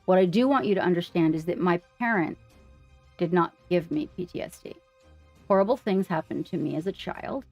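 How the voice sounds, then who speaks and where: A woman's voice: fairly low pitch, brisk, muffled recording, soft background music. A woman on a livestream, earnestly sharing her story and speaking straight to the viewers in a casual way.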